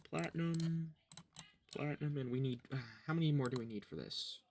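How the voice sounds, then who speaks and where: A gaming livestreamer talks casually over his gameplay, joking and sarcastic, muttering to himself and chewing gum as he plays. His voice is a little high and moves at a normal speed, with background noise in the recording.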